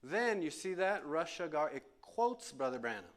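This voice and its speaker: A man's voice: fairly high pitch, very animated, normal speed. A man preaching as pastor in a church, speaking emphatically in a question and answer session and repeating phrases for stress. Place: church sanctuary.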